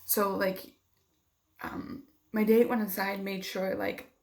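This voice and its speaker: A woman's voice: mid-range voice, little pitch movement, takes it slowly. A young woman vlogging, telling a personal story in a heated, casual way with lots of swearing and filler words.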